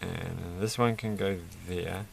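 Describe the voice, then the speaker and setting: Casting: man, lowish gravelly voice, rambling self-mocking toy vlogger, faint noise behind. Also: steady tone, takes it slowly. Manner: rambling, self-mocking, laughs at his own jokes. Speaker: toy reviewer building a set. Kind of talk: casual off-the-cuff commentary.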